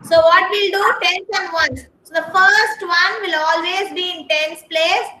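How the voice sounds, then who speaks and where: A woman with an Indian English accent teaching a kindergarten class online, speaking slowly and patiently and spelling words out letter by letter. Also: very high-pitched, steady tone, sharp tone, reverberant, a little hiss or hum, poor audio. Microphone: video call.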